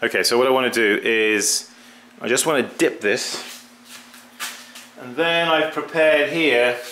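Bright-toned man demonstrating pottery glazing. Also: lowish voice. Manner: halting, repeats words, talks while working. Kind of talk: casual workshop demonstration.

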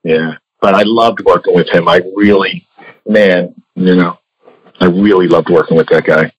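A man's voice: low voice, steady tone, normal speed, a little hiss or hum. An older man, a comics artist and former editor, talking candidly in an interview, swearing freely and telling stories. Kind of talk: casual interview talk. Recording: dull lo-fi audio.

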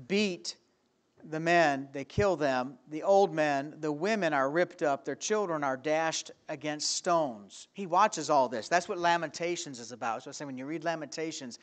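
A male pastor preaching an evening sermon in a church, full of rhetorical questions and swinging from loud to quiet. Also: a little high. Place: church sanctuary.

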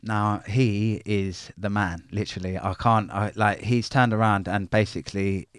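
Blunt, swearing man, low voice. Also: fairly even intonation, a little slow, clean tone, no echo, studio quality. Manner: blunt, swearing, street slang, intense. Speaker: interview guest. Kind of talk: candid life-story interview.

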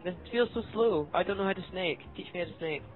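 A man's voice: high voice, fast talker, over music. A young man hosting a gameplay video, chatting casually and yelping and groaning as he races with friends. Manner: excitable, yelps and groans at the game. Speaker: gaming channel host. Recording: dull lo-fi mic.

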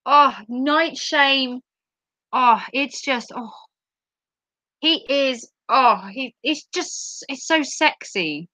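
A woman's voice: high voice, drawn-out words, bright, forceful tone, no room sound. A woman hosting a live stream, reading out viewer comments in a giggly, playful chat. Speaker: livestream host.

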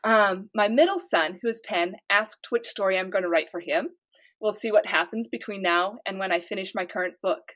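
A woman's voice: medium pitch, moderate pace, fairly bright tone. A woman from the United States, an author, chatting casually in an interview and telling stories with light laughter. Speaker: author guest.

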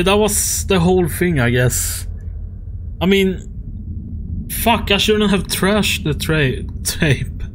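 A man's voice: high voice, a bit bright, a little hiss or hum. A man commenting on a horror game as he plays it, swearing often and laughing at his own frustration. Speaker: gaming YouTuber. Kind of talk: let's play commentary.

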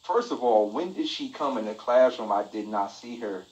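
Animated man telling a funny story. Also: lowish voice, normal speed, highs cut off, slight background noise. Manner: animated, laughing, repetitive exclamations. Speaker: live stream host. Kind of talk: comic storytelling. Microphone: phone mic.

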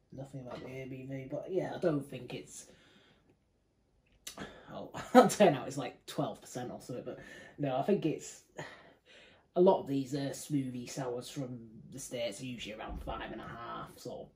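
A young man from the United Kingdom, medium-pitched with a darkish tone, gives a loose, rambling beer review on a rough recording. Chatty by nature, he keeps correcting himself mid-sentence.

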